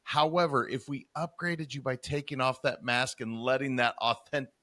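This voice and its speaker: Man, bright tone, earnest, emphatic, podcast host, coach. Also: mid-range voice, fairly even intonation, normal speed. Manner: earnest, emphatic, with rhetorical questions. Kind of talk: conversational interview.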